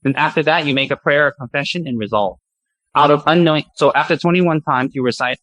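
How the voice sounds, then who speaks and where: A man teaching a Buddhist practice, chanting long mantras slowly and then explaining them in a lively, joking way. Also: fairly high pitch, dry recording, poor audio.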